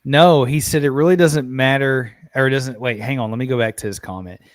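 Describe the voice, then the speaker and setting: A laid-back man from Arkansas, chatting casually with his co-host and the viewers. His voice is middle-pitched and sounds close and dry, with no room around it, as he keeps things easygoing. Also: a little fast, dry recording. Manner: relaxed, laid-back, laughs easily and says "man" often. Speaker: podcast host. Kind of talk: casual live-stream chat.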